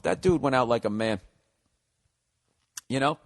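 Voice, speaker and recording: A man's voice: medium pitch, lively intonation, moderate pace, long pauses. A man hosting his own podcast, talking in a casual, rambling monologue that is blunt, joking and full of swearing. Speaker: podcast host.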